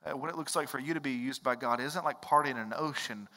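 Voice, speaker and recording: A man's voice: medium pitch, fast talker, bright, forceful tone, long reverb tail. A male pastor giving a sermon in an earnest, conversational way, with personal stories. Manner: earnest, conversational preaching with storytelling asides.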